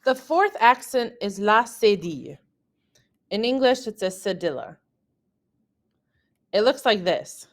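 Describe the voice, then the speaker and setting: A woman narrates a language lesson at an unhurried, measured pace. She says her example words slowly and carefully, like a teacher making sure every sound lands. Her pitch sits in an ordinary middle range. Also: lively intonation. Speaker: French teacher.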